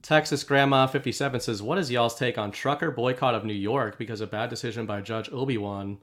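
A man's voice: mid-range voice, steady tone, a little fast, a bit bright. A man co-hosting a casual podcast, reading out viewer messages in an easygoing way. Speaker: podcast co-host.

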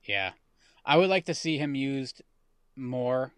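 A man's voice: medium pitch, expressive, takes it slowly, clean tone, no room sound, studio quality. A man in his thirties co-hosting a casual podcast chat, rambling and often restarting his sentences. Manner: rambling, self-correcting. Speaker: podcast co-host.

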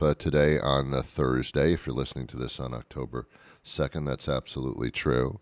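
Male radio host with a very deep voice, dry close mic, loose jokey monologue. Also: steady tone, a little fast, no room sound. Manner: rambling, self-mocking, jokey. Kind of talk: casual radio talk. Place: radio studio.

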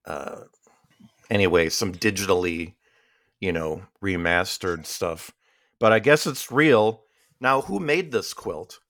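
A man's voice: low voice, lively intonation, slow, a bit bright, no room sound, clean studio sound. A man co-hosting a podcast, chatting casually and rambling with many restarts and fillers. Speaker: podcast co-host. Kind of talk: casual chat.

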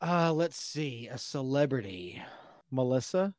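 A man's voice: medium pitch, expressive, a little slow, dry recording, clean studio sound. A man, a podcast host, cracking crude jokes in casual chat and laughing often. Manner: crude joking, laughs a lot.

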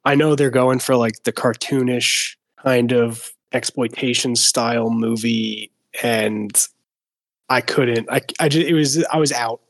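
A man's voice: mid-range voice, steady tone, unhurried, no echo. A man co-hosting a podcast, talking about films with enthusiasm and lots of "like". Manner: enthusiastic, re-enacts scenes, many fillers of "like". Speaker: podcast co-host. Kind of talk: casual film-discussion chat.

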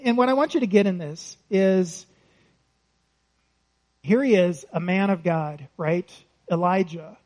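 A man preaching a sermon in a relaxed, conversational way, often asking the congregation questions and laughing lightly between points. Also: sits high, poor audio.

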